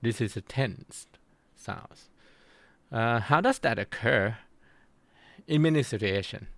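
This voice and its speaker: A middle-aged man giving a university lecture, halting with many restarts and fillers. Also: on the low side, steady tone, creaky, a bit bright, dry recording.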